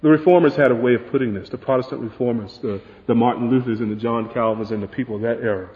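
A man preaching a sermon emphatically, building to forceful peaks and dropping to soft asides. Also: medium pitch, steady tone, quick pace. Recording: dull, roomy hall sound.

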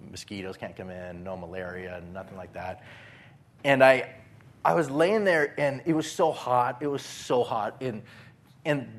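Man preaching, animated storyteller. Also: fairly low pitch. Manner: animated storytelling, acts out his own panic. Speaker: pastor. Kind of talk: sermon.

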